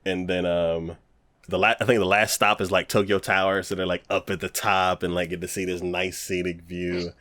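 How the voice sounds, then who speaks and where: A man's voice: sits low, normal speed, no echo. A man co-hosting a casual podcast, retelling an episode in a loose, rambling way. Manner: animated plot retelling full of acted-out quotes; loose and rambling with many fillers and restarts. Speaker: podcast co-host.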